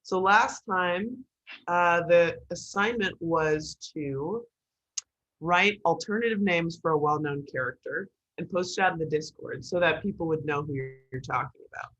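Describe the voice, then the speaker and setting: A woman instructor giving an online writing class in a joking, lively way, over a video call. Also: fairly low pitch, normal speed, lo-fi sound.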